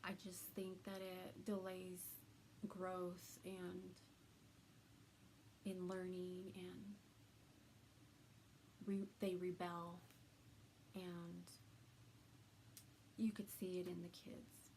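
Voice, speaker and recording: A woman talks slowly and haltingly to her camera, pausing often as she tells a personal story. Her low voice is gravelly and stays flat in pitch, with faint noise behind her. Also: low-quality recording. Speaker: vlogger.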